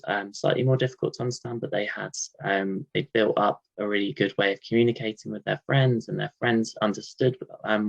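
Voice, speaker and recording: A man's voice: lowish voice, vocal fry, no echo. A man on a panel who works in a clinic, speaking in a thoughtful, hesitant way with fillers. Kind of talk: live panel discussion. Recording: dull dry audio.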